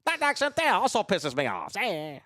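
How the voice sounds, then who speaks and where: A man's voice: high-pitched, huge pitch swings, normal speed, sharp tone, dry recording. A man hosting a podcast in casual, crude, joking chat. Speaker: podcast host.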